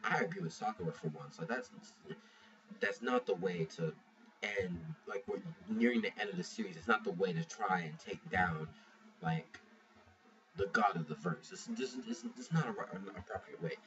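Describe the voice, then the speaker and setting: A man's voice: sits low, lively intonation, normal speed, fairly bright tone. A man casually reviewing a manga chapter, rambling, swearing freely and restarting his sentences. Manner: rambling, profane, restarts a lot. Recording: muffled lo-fi mic from a distance, faint hiss.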